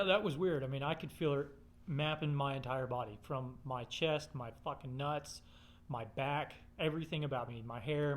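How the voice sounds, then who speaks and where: A man telling a rambling personal story in casual, profane, blunt speech. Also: mid-range voice.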